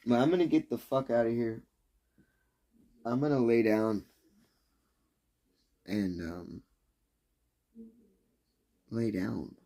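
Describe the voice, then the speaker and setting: A man talking off the cuff on a live stream at an ordinary middle pitch. He rambles and swears freely, and he laughs often between his thoughts. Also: measured pace, pauses often, mellow. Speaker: livestreamer. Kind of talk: casual live-stream rant.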